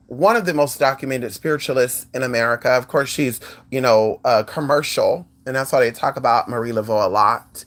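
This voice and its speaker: A channel host in casual talk to viewers, sassy and animated, profane, sprinkling "girl" and "honey" through every thought. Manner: sassy and animated, swinging pitch often; peppers speech with "girl" and "honey".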